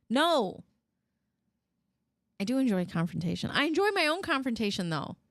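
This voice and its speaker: A woman chatting casually as a show host, telling lively stories. She jumps into high, loud impressions of other people and swears without a second thought. The sound is dry and close, with no room echo. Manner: animated storytelling, mimics people in raised voices, swears freely. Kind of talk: casual chat.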